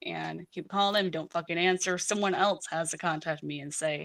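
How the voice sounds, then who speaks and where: A woman's voice: fairly low pitch, fairly even intonation, normal speed, vocal fry, a bit bright, far from the mic. A woman being interviewed, recounting events in a rambling casual way with frequent restarts and swearing.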